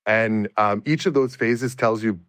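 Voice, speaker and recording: A male researcher, appearing as a guest, answers interview questions in a measured, explanatory way and often restarts his sentences. His voice sits low yet sounds a bit bright. The recording is dry and close, with no room sound at all.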